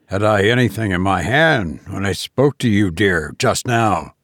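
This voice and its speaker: A man voicing an eccentric male Victorian scientist who mutters in a low, flustered way. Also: expressive, a little slow, fairly bright tone, no echo, studio quality. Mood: worried.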